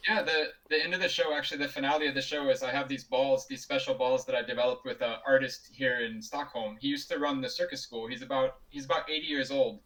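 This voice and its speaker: A man's voice: medium pitch, fairly even intonation, fast, few pauses, a bit bright, recorded from a distance, poor audio. A man being interviewed over a video call, telling stories casually with frequent laughs and restarts. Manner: chatty, laughs often, many restarts. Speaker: juggler and guest.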